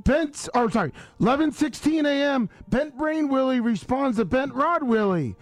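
A nervous male radio co-host reads messages aloud in a high, lively voice, picking through each word slowly. He sounds jittery and eager, with faint music in the studio behind him. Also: dry recording. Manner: nervous, excitable, slow careful reading. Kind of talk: reading texts aloud on air.

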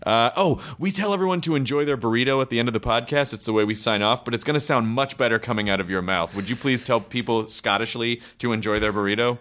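American man, podcast host, casual interview, excited, swears freely. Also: medium pitch, fast talker, hardly any pauses. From United States. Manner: enthusiastic, swears casually, animated laughter.

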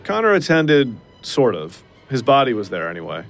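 Man, podcast narrator, scripted narration, dry understatement, middle pitch, lively intonation. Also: vocal fry, soft background music. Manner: measured storytelling with dry understatement.

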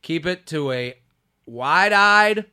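Bright clear-voiced male podcast host. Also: slow pace. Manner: animated storytelling, drops low and quiet for asides. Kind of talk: casual comedic chat.

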